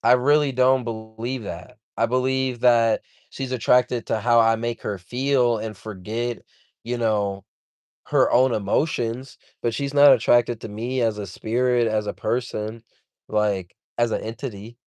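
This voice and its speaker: A man venting on his livestream, heated and profane, circling back over his complaints as he rambles on. His voice is smooth and resonant, and it sounds close and dry with no room around it. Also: mid-range voice, steady tone, measured pace, a little mellow, dry recording. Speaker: livestream host.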